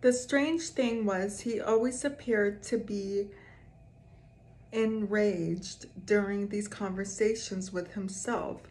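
Slow-reading woman telling creepy stories. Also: mid-range voice, steady tone, darkish tone. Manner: slow, reads aloud with asides and reactions. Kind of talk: casual reading of scary stories to viewers.

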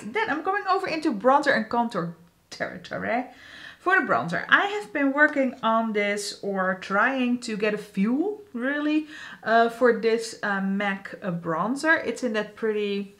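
Young female beauty vlogger, slightly high voice, chatty and self-mocking, casual to-camera chat. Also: lively intonation, unhurried, sharp tone. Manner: chatty, self-deprecating, laughs often, restarts sentences.

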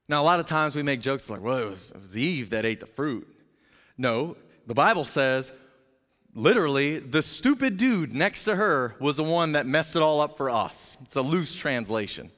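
Man, pastor, lively sermon, high voice, jokey storyteller, church sanctuary with long reverb.

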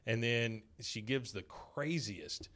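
Man, podcast host, laid-back recap, mid-pitched voice, quotes characters. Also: slow pace, a bit bright. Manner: retells scenes, quoting characters in light put-on voices. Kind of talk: casual episode recap.

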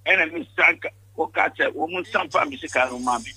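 A man's voice: fairly high pitch, normal speed, pushed and bright, husky, rough recording. An older Ghanaian man giving an interview, speaking emphatically and often repeating words when pressed. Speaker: interview guest. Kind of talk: candid interview.

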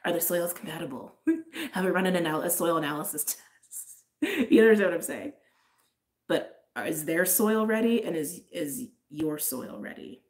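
Low-voiced woman giving a tarot reading. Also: animated, moderate pace, darkish tone. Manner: chatty, lots of "like", frequent laughs. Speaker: tarot reader. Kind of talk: casual intuitive tarot reading.

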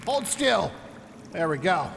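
A man gives let's play commentary on his own survival game run, chatting and joking and talking to the enemies while he fights them. His high, gravelly voice swings widely in pitch at a slow pace. The recording has a big-room sound and a noisy background.

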